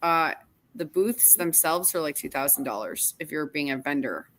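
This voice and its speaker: A woman's voice: sits low, expressive, moderate pace, a bit bright, slight background noise. A woman hosting a live stream, reading out viewer comments in an upbeat, casual way.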